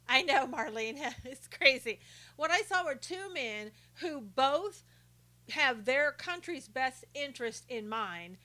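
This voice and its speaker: Woman, live stream host, bright voice, fairly high, chatty, greets viewers by name. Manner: greets viewers by name, reads comments aloud; indignant about rude reporters. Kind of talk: casual chat with viewers.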